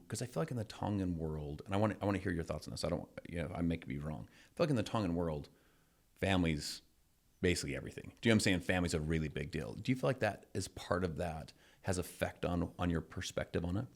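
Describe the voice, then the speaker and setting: A middle-aged man hosting a podcast, chatting casually and telling stories with lively acted-out quotes. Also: low voice, fast, gravelly. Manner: energetic, acts out quoted voices in anecdotes. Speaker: podcast host. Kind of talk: casual chat, storytelling.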